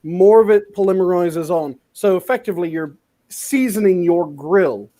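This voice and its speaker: High-voiced man, casual and profane. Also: normal speed, warm tone. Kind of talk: casual chat.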